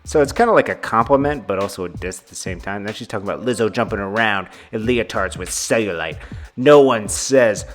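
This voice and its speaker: A man's voice: fairly low pitch, lively intonation, brisk, faint music behind. A man hosting a celebrity news vlog, reading out quotes and giving casual, amused commentary with chuckling asides.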